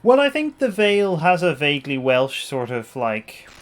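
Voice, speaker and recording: A man's voice: fairly high pitch, big pitch swings, normal speed. A man co-hosting a game stream, making dry, understated remarks in casual chat.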